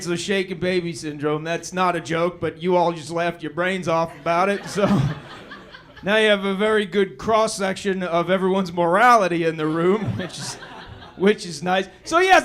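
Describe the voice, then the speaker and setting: Middle-aged male stand-up, very high voice, relaxed storyteller who erupts into shouts, live club stage. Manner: laid-back storytelling with bursts of shouting. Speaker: stand-up comedian. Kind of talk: stand-up comedy set. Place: comedy club stage with audience laughter.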